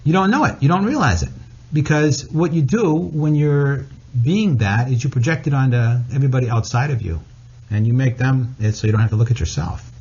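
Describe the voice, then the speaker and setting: A man talking as a podcast guest and author, candid and blunt, telling personal stories with animated delivery. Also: medium pitch, a little fast, slightly rough, lo-fi sound. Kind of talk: casual podcast conversation.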